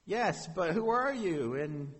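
A man voicing a desperate man clinging to a branch on a cliff, pleading and yelling for help. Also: high voice, expressive, takes it slowly, slightly rough, long reverb tail, pitched above the performer's own voice, full character voice.

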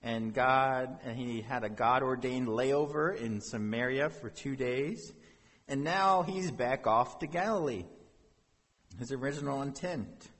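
A man's voice: medium pitch, measured pace, fairly bright tone, in a large hall. A man preaching a sermon as pastor, reading scripture and speaking in an earnest, conversational way.

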